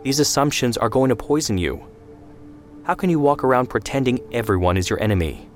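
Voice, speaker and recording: A man voicing a calm, mild-mannered older brother who speaks slowly and patiently. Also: mid-range voice, soft background music, voice pushed up, lightly acted.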